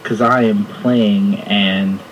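A man's voice: on the low side, fairly even intonation, slow pace, recorded from a distance, lo-fi sound, noisy background. A man co-hosting a podcast, trading joking, teasing banter. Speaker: podcast co-host. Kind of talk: casual chat.

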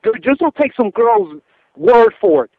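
A man calls in by phone and tells his story in a loose, animated rush, circling back and repeating himself. His voice sits very high for a man. The line is thin and phone-like, with no room sound. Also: a little slow, no echo. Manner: animated storytelling, repetitive, restarts. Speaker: caller. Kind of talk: casual phone call. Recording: tinny phone line, dry.

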